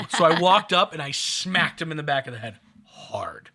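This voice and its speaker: A man's voice: fairly high pitch, normal speed, soft background music. A man co-hosting a podcast, chatting casually and telling stories with jokes. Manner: joking, animated storyteller. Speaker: podcast co-host.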